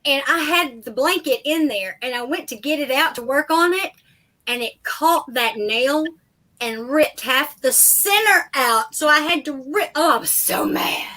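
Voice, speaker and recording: A woman telling a short story in casual chat, expressive and exasperated. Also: high voice, a little slow.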